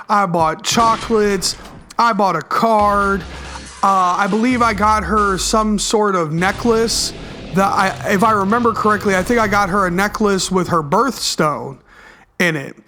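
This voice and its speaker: High-voiced young man telling a story. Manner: slangy, profane, animated storytelling. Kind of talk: storytime vlog over gameplay.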